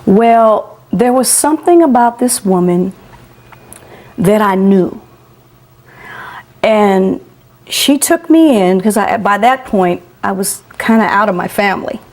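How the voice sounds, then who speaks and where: A woman guest in an interview, telling a personal story in an animated way, acting out the voices of the people she quotes and laughing often. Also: mid-range voice, slow pace, long pauses.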